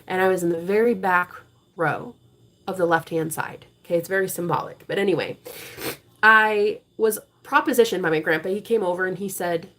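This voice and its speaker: A woman hosting a live tarot reading stream, talking bluntly with a lot of profanity and turning preachy and forceful when she drives a point home. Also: lowish voice, steady tone, brisk. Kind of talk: casual live-stream talk.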